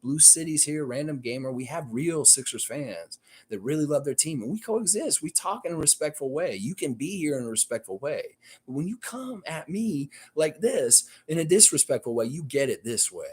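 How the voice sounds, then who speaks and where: A man's voice: fairly high pitch, big pitch swings, moderate pace, breathy edge. Fired-up man with a Southern accent. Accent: Southern American. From United States and Canada. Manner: heated, blunt, profane, lecturing. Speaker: streamer reading chat. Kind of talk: casual live-stream rant.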